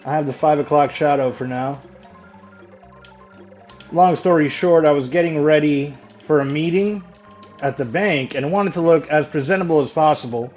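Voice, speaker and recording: Streaming a game live, this man has a slightly high, somewhat mellow voice. He keeps up relaxed gameplay chat with his audience, cursing occasionally and laughing readily, all through a dull lo-fi mic with faint music behind him.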